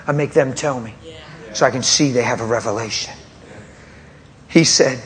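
A man's voice: mid-range voice, fairly even intonation, a little slow, pauses often, a bit bright. A man, a traveling preacher, telling a testimony story in an emphatic, fervent way.

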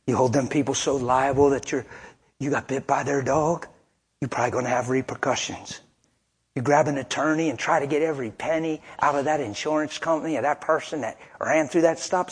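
Male preacher, rough husky voice, folksy and emphatic. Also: medium pitch. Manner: folksy, colloquial, emphatic storytelling. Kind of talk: sermon.

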